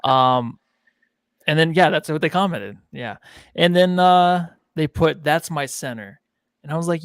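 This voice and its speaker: A man's voice: on the high side, measured pace, dry recording, studio quality. Joking, swearing podcast co-host man. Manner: joking, goofy, swears freely. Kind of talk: casual sports podcast chat.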